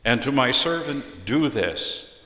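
A man preaching an expository sermon as a pastor, deliberately reading scripture aloud and explaining it. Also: medium pitch, lively intonation, sharp tone. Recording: echoey hall with long reverb.

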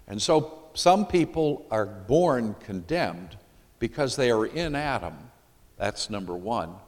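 A man preaches a sermon with an animated, rising-and-falling delivery, firing questions at his congregation. His voice carries a long reverb from a large hall. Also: fairly low pitch, slow. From Michigan, USA. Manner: emphatic, puts questions to the congregation.

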